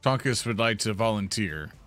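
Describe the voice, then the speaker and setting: A man's voice: on the low side, lively intonation, moderate pace, fairly bright tone, faint music behind. A man playing a tabletop game, casually declaring his character's moves. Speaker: player.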